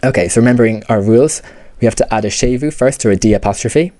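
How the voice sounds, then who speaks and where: Patient man teaching grammar, dry mellow voice. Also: mid-range voice, fast talker, dry recording. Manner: patient, repeats key terms, many fillers like "you know" and "okay". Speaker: language teacher. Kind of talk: explanatory lesson.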